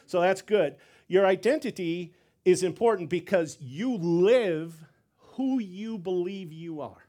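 A man preaching a sermon as pastor, animated, repeating words and acting out quotes. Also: sits high, slow.

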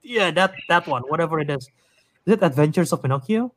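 Lively high-voiced male podcast host. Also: fast talker. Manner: animated, rambling, laughs easily. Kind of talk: casual chat.

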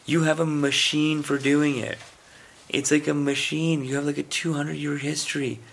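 A man's voice: fairly high pitch, little pitch movement, moderate pace, creaky, slight background noise. A man from India chatting casually on a podcast, telling rambling stories and acting out quoted voices. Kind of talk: casual chat.

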